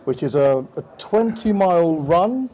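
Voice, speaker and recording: A man's voice: on the high side, measured pace. A man interviewing a guest, joking lightly as he asks his questions. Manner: joking, lively. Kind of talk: casual chat.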